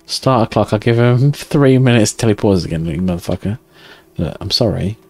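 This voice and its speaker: A man's voice: on the low side, animated, normal speed, darkish tone. A man streaming a video game live, chatting and joking with viewers and swearing often. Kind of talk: casual live-stream chat while playing.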